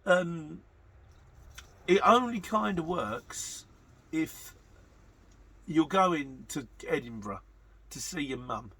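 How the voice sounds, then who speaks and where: A middle-aged man chats his way through viewer comments, poking fun at himself as he goes. His voice sits a little high and has a gravelly, husky edge to it. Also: lively intonation, takes it slowly, long pauses, sharp tone. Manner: chatty and self-mocking, reads comments aloud. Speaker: vlogger reading viewer questions. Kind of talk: casual chat.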